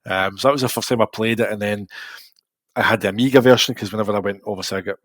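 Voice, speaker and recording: A man's voice: fairly low pitch, fast, no room sound. Glaswegian man telling rambling stories. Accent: Scottish, Glasgow. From Scotland. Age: 40s. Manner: lively, rambling anecdotal storytelling. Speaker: podcast co-host. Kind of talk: casual podcast chat.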